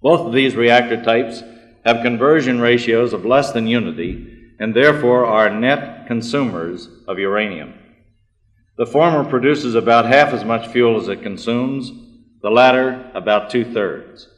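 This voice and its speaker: A man giving a formal technical talk, measured and precise. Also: medium pitch. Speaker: speaker giving a technical address. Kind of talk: formal lecture. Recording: long hall reverb.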